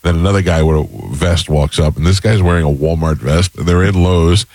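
A man hosting a morning radio show in a relaxed, amused way. His voice is very low, and the studio sound is dry and close. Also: brisk, dry recording. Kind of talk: casual radio chat.

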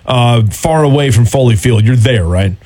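A man's voice: medium pitch, moderate pace, mellow. A man hosting a sports talk radio show, bantering with callers and teasing them in a friendly way.

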